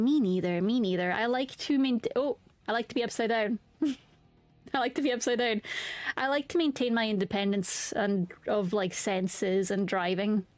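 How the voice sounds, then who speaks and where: A young woman streams casually, bubbly as she chats with her viewers and hums or sings filler tunes between remarks. Her voice is medium-pitched with a darkish tone, and there's no room sound.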